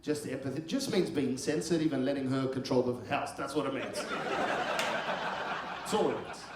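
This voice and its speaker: A man's voice: mid-range voice, moderate pace. A man in his thirties doing crude, rambling stand-up comedy as the host, swearing freely. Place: comedy club stage before a live crowd. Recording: echoey club with crowd noise.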